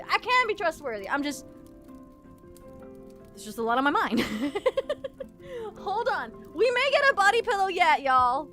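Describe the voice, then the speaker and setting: A young woman streaming live, chatting casually and rambling, laughing often and sometimes breaking into shouts. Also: high-pitched, big pitch swings, moderate pace, long pauses, soft background music. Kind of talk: casual livestream chat.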